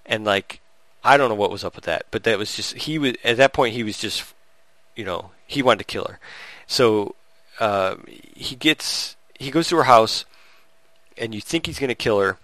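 A man's voice: fairly low pitch, moderate pace, no echo. Rambling man retelling a film, close and dry. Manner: rambling, animated storytelling with frequent restarts and laughs. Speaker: podcast co-host reviewing a movie. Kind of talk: casual chat.

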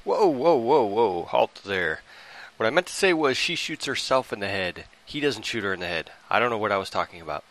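A man's voice: on the low side, a little fast, noisy background. A man co-hosting a podcast, retelling a movie in a casual, rambling way with lots of restarts. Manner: rambling, animated storytelling with frequent restarts and laughs. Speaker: podcast co-host reviewing a movie. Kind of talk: casual chat.

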